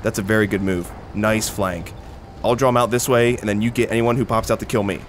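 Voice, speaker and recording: A young man doing casual, excitable gameplay commentary, rambling, swearing and laughing between remarks. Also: fairly low pitch, fairly quick. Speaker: gaming commentator. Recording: noisy with game gunfire behind. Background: gunfire and artillery from the game.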